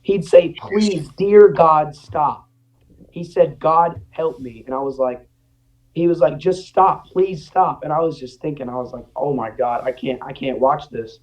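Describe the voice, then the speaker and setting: On a podcast, a former ranch student shares casual stories in a slightly high voice at a moderate pace, animatedly mimicking the voices of those he quotes. The audio quality is poor.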